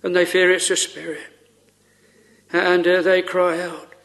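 Guy preaching a sermon, kinda high voice, earnest, lots of questions and pauses. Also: little pitch movement, gravelly, fairly bright tone. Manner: earnest, pleading, with many pauses and rhetorical questions.

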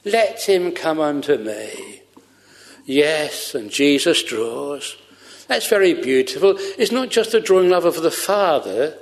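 A man's voice: high voice, big-room sound. A man preaching a sermon fervently, repeating his phrases for emphasis.

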